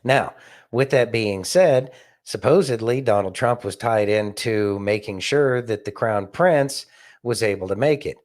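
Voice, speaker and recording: A man on a podcast talking casually and thoughtfully, pausing with fillers as he works through a point. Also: lowish voice. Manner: thoughtful, hesitant, many fillers. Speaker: podcast co-host. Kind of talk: casual chat.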